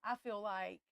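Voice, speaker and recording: A woman's voice: mid-range voice, vocal fry, clear, resonant tone, dry recording. A woman hosting a live stream, talking with passion and near tears, breaking off and restarting, calling her viewers y'all. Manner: impassioned, tearful, halting restarts, addresses viewers as y'all. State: close to tears. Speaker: tarot livestream host. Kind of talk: emotional live-stream chat.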